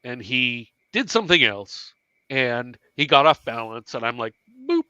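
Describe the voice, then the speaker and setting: A man spins a self-mocking story in a bright, forward voice, swearing freely as he goes. His delivery is animated and conversational, recorded dry with almost no room sound around him. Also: mid-range voice, a little slow, clear, resonant tone, dry recording, highs cut off. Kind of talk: casual storytelling on a live stream.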